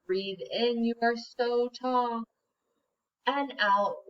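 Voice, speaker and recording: A woman teacher reading a picture book aloud to children and guiding them through yoga poses, gentle and encouraging. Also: a little high, fairly even intonation, highs cut off, a little hiss or hum. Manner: slow, gentle and encouraging, prompting children to join in.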